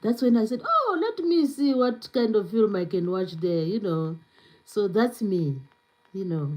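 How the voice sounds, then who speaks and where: A livestream host speaks English with a non-native accent in a mid-range voice with lively intonation, at a measured pace and with a slightly mellow tone. She chats casually, uses plenty of fillers, and reads viewer comments aloud. The recording quality is low.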